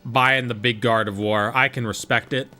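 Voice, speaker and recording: A man streaming a game, chatting casually and joking in quick, rambling asides to his viewers. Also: medium pitch, fairly even intonation, bright, forceful tone, faint music behind. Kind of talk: casual livestream chat while gaming.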